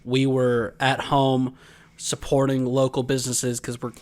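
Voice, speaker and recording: A man co-hosts a laid-back podcast, winding through long anecdotes and breaking into laughter along the way. His voice sits at an ordinary middle pitch. He is from Georgia. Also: monotone, unhurried, a little mellow. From Georgia, USA. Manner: rambling storyteller, laughs often. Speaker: podcast co-host. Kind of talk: casual chat.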